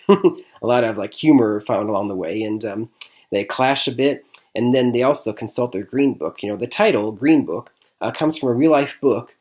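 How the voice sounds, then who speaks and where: A man from Michigan talks through a movie review in a relaxed, chatty way. He leans on fillers like "I mean" and "like I said," and chuckles between points. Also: medium pitch, moderate pace. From Michigan, USA. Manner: chatty, repeats "I mean" and "like I said", laughs often. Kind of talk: casual spoken movie review.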